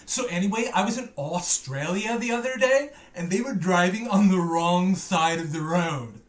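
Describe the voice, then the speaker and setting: A man's voice: sits high, normal speed, roomy sound. A man hosting a music reaction video, chatting casually with playful, teasing, self-mocking banter.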